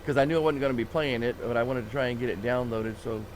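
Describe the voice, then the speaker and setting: A man's voice: medium pitch, fast, slight background noise. A man streaming a farming game, chatting casually and rambling with fillers and chuckles. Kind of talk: casual live-stream chat.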